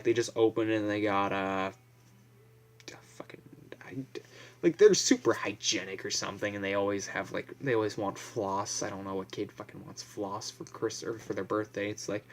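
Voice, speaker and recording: A man's voice: fairly low pitch, moderate pace. A young man vlogging in a casual, blunt, profane ramble, full of fillers and restarts.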